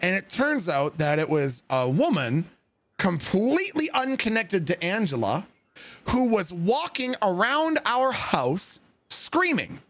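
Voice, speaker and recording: Male streamer, high voice, telling a creepy tale live with swearing and acted-out bits. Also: takes it slowly, dry recording. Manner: animated, profane, spoofs dialogue. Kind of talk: casual storytelling on stream.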